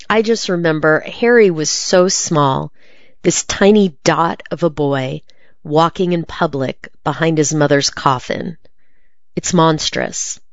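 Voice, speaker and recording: A woman reading a magazine interview aloud in a measured, even delivery. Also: sits low, no echo, muffled recording. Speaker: article reader.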